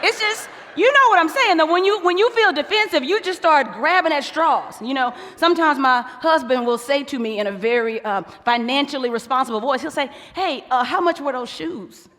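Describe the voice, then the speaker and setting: A woman's voice: high voice, fairly quick, hardly any pauses, fairly bright tone. A woman preaching a sermon, playful and acting out quoted couples. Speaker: pastor's wife preaching. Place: large church hall. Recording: long church hall reverb.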